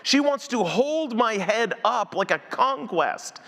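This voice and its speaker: A man's voice: extremely high pitch, slow pace, long reverb tail. A male pastor preaching a sermon, acting out the voices of the story as he tells it. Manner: animated preacher who acts out voices in the story. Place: church sanctuary.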